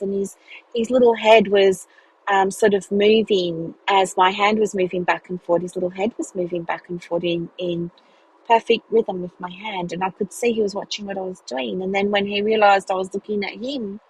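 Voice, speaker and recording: A woman with a husky, breathy voice sits at a middle pitch and tells a personal story for her podcast. She talks in halting bursts, restarts her sentences and lets the feeling show through. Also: low-quality recording. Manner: emotional, halting, many restarts and fillers. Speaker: business mentor podcast host.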